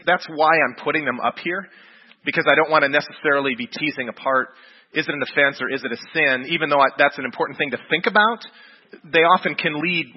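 A man's voice: medium pitch, husky. A man leading an interactive church group workshop, repeating answers back and joking lightly with the group. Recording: dull recording in a reverberant hall.

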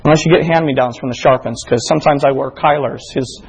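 A man preaching a sermon, reading scripture aloud and building to emphatic, animated points. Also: mid-range voice, fast talker, a crowd in the background. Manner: preaching with rising emphasis and quoted exchanges. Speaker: pastor.

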